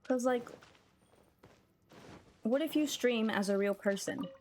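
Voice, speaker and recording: A woman's voice: fairly high pitch, takes it slowly, a little mellow, a little hiss or hum. A woman streamer chatting casually with her chat while gaming, musing and talking straight to them.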